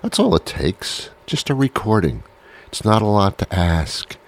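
Deep-voiced man rambling through a comic monologue. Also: big pitch swings, a little slow. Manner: playful, self-mocking, rambling with restarts. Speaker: comedy show host.

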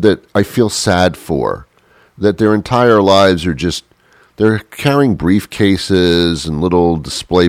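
Deep-voiced male host, rambling comic monologue, chuckly, dry close sound. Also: no echo. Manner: chuckling, self-interrupting, animated impressions.

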